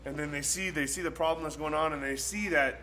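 Telling an animated story in casual conversation, a young guest speaks quickly in a fairly high voice, doing impressions of the characters. He curses and breaks into laughter mid-story, and a faint hiss or hum runs under the audio.

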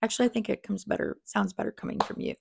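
Creaky-voiced woman hosting a chatty podcast. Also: medium pitch, fairly even intonation, racing, a little mellow, a little hiss or hum. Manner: chatty and rambling, with many fillers and asides. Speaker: podcast host. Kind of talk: casual podcast chat. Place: small crowded office. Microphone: small microphone.

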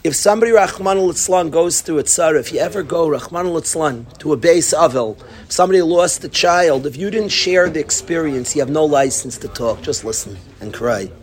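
A man with a slightly higher voice leads an informal Torah class. He tells stories with animation and keeps dropping yeshiva terms into his talk. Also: a little fast, few pauses. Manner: animated storytelling, breaks into laughter and acts out his study partner; sprinkles Yiddish and Hebrew yeshiva terms. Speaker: Talmud teacher.

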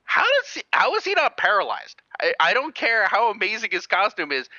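A man hosting a podcast in casual chat, animated and rambling, with lots of restarts and laughter. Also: high voice, brisk, no room sound, lo-fi sound. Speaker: podcast host.

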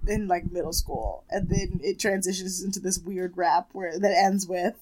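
A woman's voice: fairly low pitch, moderate pace, background noise. A woman co-hosting a casual podcast, chatty and sarcastic, swearing freely as she recaps a show. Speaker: podcast co-host. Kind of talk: casual chat.

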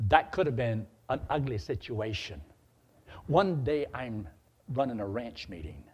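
Preacher telling a story from the pulpit, husky voice, lively swinging pitch. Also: male voice. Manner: animated, acts out dialogue. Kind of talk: sermon storytelling.

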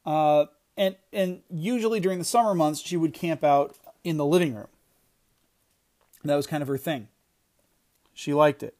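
A man's voice: on the high side, normal speed, pauses often, darkish tone. A middle-aged man giving an earnest devotional talk, emphatic, often restarting his phrases. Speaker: podcast devotional speaker.

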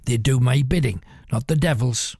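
A man's voice: mid-range voice, moderate pace, creaky, darkish tone, slightly rough, no room sound, clean studio sound. A man voicing a tiny, brutal old male pirate who boasts and mocks, in a told storybook tale. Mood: sneering. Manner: boastful, sneering.

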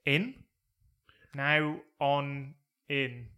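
Bright-voiced teasing podcast man. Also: medium pitch, extremely slow, clean tone. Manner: teasing, deadpan jokes. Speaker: podcast co-host. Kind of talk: casual chat.

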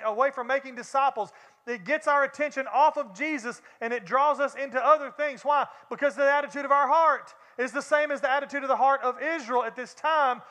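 A man with a Southern US accent delivering a sermon, talking straight to the congregation in an easy, conversational way. His voice sits high and sounds bright and forward. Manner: conversational preaching, addresses congregation directly. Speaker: pastor.

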